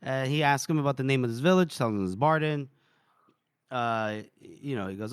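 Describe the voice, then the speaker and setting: A man co-hosting a podcast, casually retelling a book chapter with animated delivery, laughing and swearing. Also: medium pitch, moderate pace, smooth, no echo, clean studio sound. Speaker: podcast co-host.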